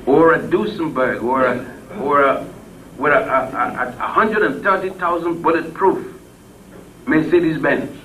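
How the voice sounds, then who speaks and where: An older man delivers a fiery, preachy speech to a crowd, his high, bright voice jumping from loud emphatic peaks down to quiet murmurs. He is blunt and swears freely, chuckling through his stories. The mic sits a good distance away, with a faint noise underneath. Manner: salty, blunt, with chuckles in the telling. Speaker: public speaker.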